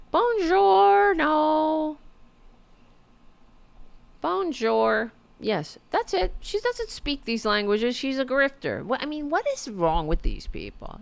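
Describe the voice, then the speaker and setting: A woman's voice: mid-range voice, fairly bright tone, dry recording. A woman hosting a podcast, giving casual political commentary in a sarcastic, mocking way and swearing freely. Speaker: podcast host.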